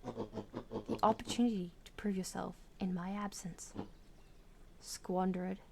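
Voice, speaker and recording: Heavily acting with big pitch swings, an Australian woman plays a cruel, pompous old bird villain in a storybook game. Her lowish, creaky voice gloats in a slow, grand, sneering, theatrical way over a noisy background.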